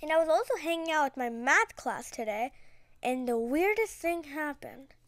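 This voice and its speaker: A woman's voice: sits high, lively intonation, moderate pace, a bit bright, no room sound. A woman giving casual, rambling gameplay commentary, chatty and dramatic, full of slang. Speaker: gaming video creator.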